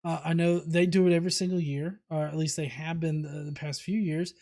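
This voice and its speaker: A man's voice: fairly high pitch, level tone, fairly quick, mellow. A man hosting a livestream, casually reading viewer comments aloud with many fillers and restarts. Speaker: host.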